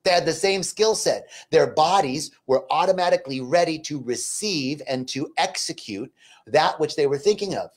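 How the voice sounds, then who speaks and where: A man's voice: a little high, lively intonation, normal speed. Fervent man leading a guided meditation. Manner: fervent, repetitive affirmations. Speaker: spiritual teacher. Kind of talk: inspirational talk and guided meditation. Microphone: livestream.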